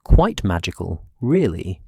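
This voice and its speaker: A man's voice: sits low, very animated, unhurried, vocal fry, warm tone, slightly rough, dry recording, heavily acted. A man doing a cheeky teenage prankster. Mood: innocent. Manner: glib, feigning innocence.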